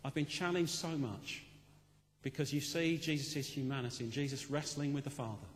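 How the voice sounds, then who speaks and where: A man's voice: mid-range voice, steady tone, moderate pace. Man preaching a sermon in a reverberant hall. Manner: impassioned, rising to loud rhetorical questions then dropping quiet.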